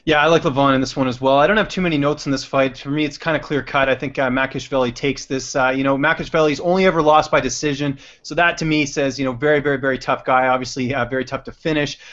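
A man co-hosting a casual fight-picks chat, giving quick, decisive picks. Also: mid-range voice, steady tone, a bit bright. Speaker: MMA podcast co-host. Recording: lo-fi muffled audio.

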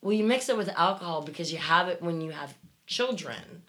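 A woman's voice: lowish voice, animated, a little fast, sharp tone. A woman co-hosting a casual podcast, reading listener messages and talking frankly, swearing freely. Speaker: podcast co-host.

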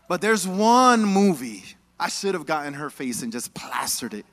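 High-voiced animated male preacher. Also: moderate pace, hardly any pauses. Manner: animated, call-and-response with the congregation; casual, joking asides. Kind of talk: sermon. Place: church.

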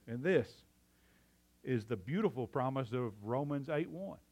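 A man preaching a sermon, excitable and out of breath, swinging from loud fervor to hushed emphasis. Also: medium pitch, normal speed. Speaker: pastor.

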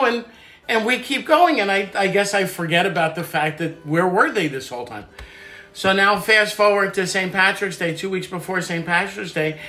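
A middle-aged man, a father, telling family stories in casual chat, animated and repeating words as he builds up. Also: high-pitched, moderate pace. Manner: animated storyteller, repeats words when starting.

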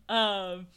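A woman's voice: mid-range voice, a bit bright, smooth. A young woman co-hosting a podcast in casual chat, giggly and playfully acting out quotes. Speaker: podcast co-host.

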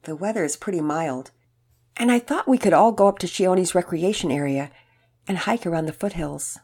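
A woman's voice: on the low side, normal speed, darkish tone, breathy edge. A woman voicing a sleepy, enthusiastic family dad who talks in an eager, exclaiming way. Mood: gentle.

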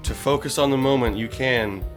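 A man's voice: mid-range voice, moderate pace, music in the background. A young man hosting a podcast, reading a list aloud in crude casual chat and laughing through it. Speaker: podcast host.

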